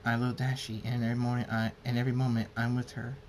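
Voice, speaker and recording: A man reading as a gentle pony king, halting and soft. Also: medium pitch, completely flat delivery, a little hiss or hum, lightly acted. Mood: tender. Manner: soft, halting read with restarts.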